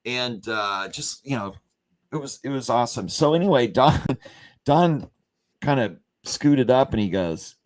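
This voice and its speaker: Speaking a little slowly with lively intonation, a man on a company livestream tells a rambling, casual story. He's full of fillers and restarts, and he dramatizes quotes with big shifts in pitch.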